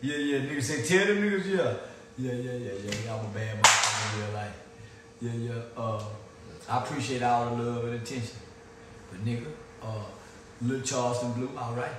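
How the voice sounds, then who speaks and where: A man ranting boastfully into his phone camera outdoors in the sun, taunting and laughing as his voice swings loud and high. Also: a little fast, roomy sound, slight background noise. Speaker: internet personality. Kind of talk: boastful selfie vlog rant.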